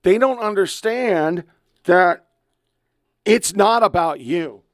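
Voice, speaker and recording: Gen X male podcast host, 50s, fairly high voice, swears freely, emotional, dry studio sound. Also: slow pace, dry recording. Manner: blunt, profane, heated ranting. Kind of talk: podcast commentary on online clips.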